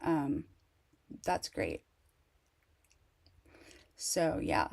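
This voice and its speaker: A woman talking candidly to camera in a casual personal monologue, rambling and halting, with many restarts and fillers. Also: deep voice, sing-song, creaky, darkish tone. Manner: candid and emotional. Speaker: vlogger.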